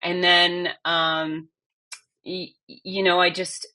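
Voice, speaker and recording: A middle-aged woman talking as a guest in an interview, open and emotional in her answers. Her voice sits on the low side but comes across bright and forceful. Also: flat delivery. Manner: candid, emotional, quick bursts. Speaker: fitness expert and race announcer, guest. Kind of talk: conversational interview.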